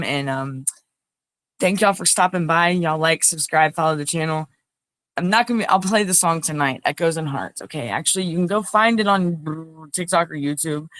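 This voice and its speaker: A woman's voice: low voice, a bit bright, no echo. A woman hosting a casual livestream talk show, chatty and rambling, talking straight to her viewers.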